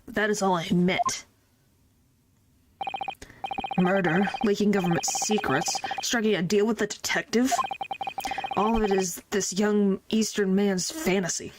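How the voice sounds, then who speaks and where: A woman's voice: mid-range voice, steady tone, normal speed, noisy background, close to an everyday voice. A woman voicing a scheming older man who speaks in a stern, dismissive way, with game music behind. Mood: defiant. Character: scheming older male British newspaperman.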